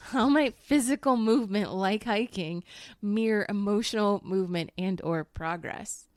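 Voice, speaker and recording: A teacher appearing as a guest book reviewer chats casually about a book she read, laughing often and swearing now and then. Her voice is medium-pitched, a little slow and a little mellow, captured on a home microphone with no room sound and studio quality.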